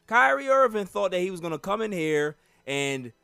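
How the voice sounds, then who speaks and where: Podcast host, male, high register, animated mocking rant, dry close mic. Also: normal speed, vocal fry, clear, resonant tone, no room sound, soft background music. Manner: animated, mocking, laughs while ranting. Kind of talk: solo sports podcast rant.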